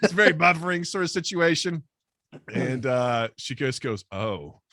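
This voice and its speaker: A man telling a comedic personal story in casual podcast chat, animated and self-deprecating, acting out the people he quotes. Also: on the high side, normal speed.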